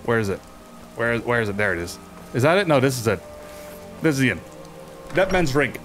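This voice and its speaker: A man commentating his own gameplay in a casual, profane and excitable way, reacting aloud to the game. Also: mid-range voice, brisk, faint music behind. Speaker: gaming video host. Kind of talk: casual let's play commentary.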